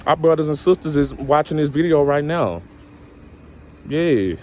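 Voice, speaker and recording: A man's voice: lively intonation, measured pace, muffled recording, a little hiss or hum. Preachy young man venting to camera. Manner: preachy, repetitive catchphrases, rising to high exclamations. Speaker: vlogger. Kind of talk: casual direct-to-camera rant.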